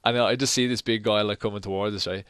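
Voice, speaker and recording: A man's voice: on the low side, fast talker, clear, resonant tone, no echo, studio quality. A young man, telling a personal story on his vlog, swearing a lot and acting out what everyone said. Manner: animated, profane retelling that acts out quoted dialogue. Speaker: vlogger.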